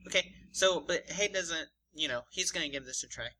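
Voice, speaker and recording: A man's voice: on the high side, brisk, sharp tone, poor audio. A man co-hosting a podcast, casually narrating an imagined fight with many fillers and restarts. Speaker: podcast co-host.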